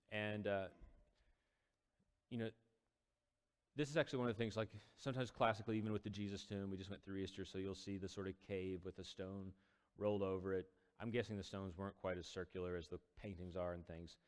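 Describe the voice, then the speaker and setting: Man, low voice, casual Bible teaching, long reverb in the room. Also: steady tone, a little fast, clear, resonant tone. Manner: conversational, storytelling with acted quotes. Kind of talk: casual Bible study talk.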